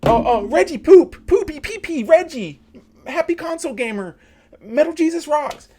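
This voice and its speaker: A man voicing a frantic, shrieking parody of a manic male streamer, yelling in high bursts. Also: expressive, moderate pace. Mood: frantic mocking.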